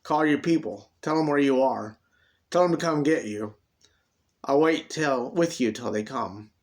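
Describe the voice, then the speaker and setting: A man's voice: mid-range voice, unhurried, lightly acted. A man voicing a saucy, defiant young redheaded woman who is also a tender, consoling mother. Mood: sassy. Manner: sassy, later soft and consoling.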